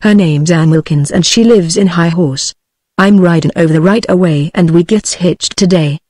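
A synthetic woman's voice with a British English accent reads the lines of a cantankerous brawling man about to wed, gruff and irritable. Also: lowish voice, moderate pace, dark tone, dry recording, studio quality, lightly acted.

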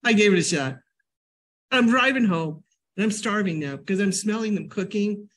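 An older woman from New England giving a casual health talk at a library, a chatty, animated storyteller. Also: medium pitch, normal speed. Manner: chatty, animated storyteller with sudden loud jumps and laughs. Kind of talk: casual lecture with personal stories.

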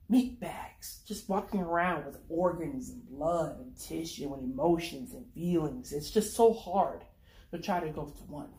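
A woman reading her own dark short story aloud in the first person, in a brooding, conversational way. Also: fairly low pitch. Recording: echoey room.

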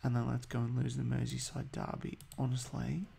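A man's voice: medium pitch, monotone, brisk, vocal fry, warm tone, a little hiss or hum. A man giving casual, hesitant commentary over a football management game, full of ums and uhs. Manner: chatty, hesitant, many ums. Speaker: gaming video host.

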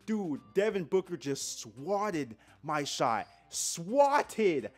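Excitable young man commentating gameplay. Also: on the high side, very slow, slightly rough, soft background music. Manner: excitable, trash-talking, swings from yelps to mutters. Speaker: gaming YouTuber.

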